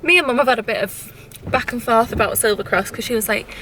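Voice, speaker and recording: A woman chatting casually to camera in a vlog, emotional and quick to laugh, with lots of "like"s. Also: on the high side, over music. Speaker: vlogger.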